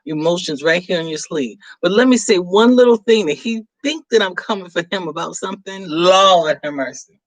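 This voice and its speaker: A woman's voice: lowish voice, animated, normal speed, no echo. A middle-aged woman hosting a live stream, chatting casually and teasing her viewers as she reads their comments, often laughing.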